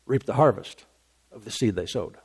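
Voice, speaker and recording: A man's voice: on the low side, normal speed, darkish tone, breathy edge. A man preaching a sermon. He reads a scripture story aloud and breaks off into casual asides about it. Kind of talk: sermon, reading scripture and commenting.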